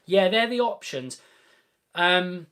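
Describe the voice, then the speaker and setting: Young male host, fairly high voice, casual and upbeat car-chat delivery, lots of ums. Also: lively intonation, slow pace, sharp tone, clear, resonant tone. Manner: chatty and enthusiastic, many ums and restarts. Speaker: host of a car channel live Q&A. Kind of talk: casual live-stream Q&A chat.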